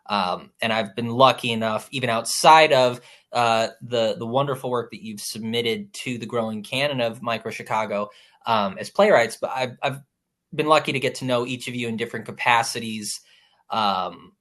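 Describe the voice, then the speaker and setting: A man hosting a roundtable chat with a group of playwrights. His pitch sits in a middle range, and he talks in a loose, halting way, full of ums and self-corrections as he frames his questions. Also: fairly bright tone. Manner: hesitant, many ums and restarts. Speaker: moderator. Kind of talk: casual roundtable moderation.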